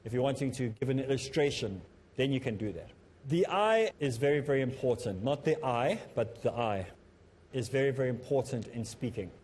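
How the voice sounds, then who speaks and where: A man's voice: medium pitch, lively intonation, brisk, darkish tone, a little hiss or hum. A man presenting a televised lesson, speaking earnestly and instructively to the viewers from a studio. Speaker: TV presenter teaching public speaking. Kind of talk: studio lecture to camera.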